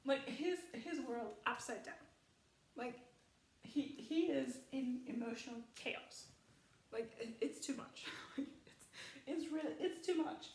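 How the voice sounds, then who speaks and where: A woman's voice: sits high, measured pace, recorded from a distance, slight background noise. A woman in casual spoken commentary who rambles with lots of fillers and laughs often. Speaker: film commentary vlogger. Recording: echoey room, voice off-mic.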